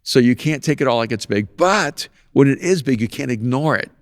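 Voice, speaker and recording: Gravelly-voiced man telling animated stories. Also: medium pitch, moderate pace, no echo, clean studio sound. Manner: animated storytelling, laughs often at own stories. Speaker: podcast host. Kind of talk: casual conversation.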